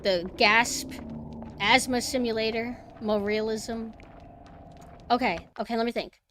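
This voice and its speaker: A young woman streaming a horror game, chatting casually and excitably as she plays. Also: fairly high pitch, unhurried, slight background noise. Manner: chatty, excitable, cheering her dog on. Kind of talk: casual gameplay commentary.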